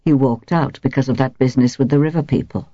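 A woman reading a hoarse, nervous battered wife. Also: rumbling low, fast talker, dry recording, lo-fi sound, pitched below the performer's own voice. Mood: hushed. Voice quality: hoarse and soft. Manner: quavering, bursts out shrilly. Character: anxious battered wife, woman, bitter and self-mocking.

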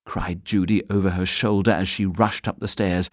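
A man reading a children's story aloud as narrator, gentle and expressive. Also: deep voice, normal speed, dry recording, clean studio sound.

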